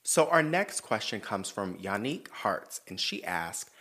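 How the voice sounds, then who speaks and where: A man's voice: lowish voice, very animated, unhurried, background noise. A man hosting a podcast, giving blunt, profane advice in a sassy, emphatic way and turning earnest when he talks about himself. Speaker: podcast host. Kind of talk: casual advice chat.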